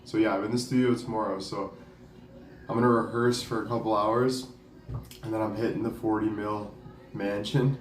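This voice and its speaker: A young man talks in a loose, rambling way, leaning on "like" and "dude" and dropping the odd swear. His voice sits a little low. He is heard from a distance in a roomy space, with faint ambience behind him. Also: steady tone, moderate pace, pauses often, a little hiss or hum. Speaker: vlogger and singer. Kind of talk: casual excited storytelling.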